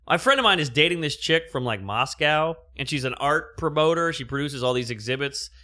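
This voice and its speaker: A man talking as a comedian guest on a casual podcast, riffing quickly and jokingly and slipping into quick put-on voices. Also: on the high side, animated, sharp tone. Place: venue room before a set.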